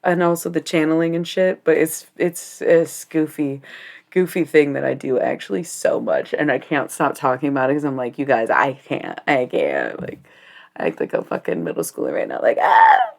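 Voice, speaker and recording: A woman's voice: low voice, a little fast, gravelly, a little mellow. A young adult woman chatting casually on a livestream while reading cards, rambling, giggly and swearing freely.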